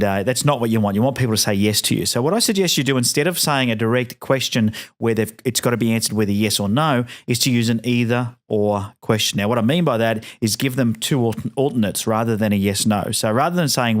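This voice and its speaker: Fast-talking male sales coach. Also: medium pitch. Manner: brisk, conversational teaching with frequent fillers; acts out sales phone lines in quoted dialogue. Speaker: podcast host giving sales tips. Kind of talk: solo podcast monologue.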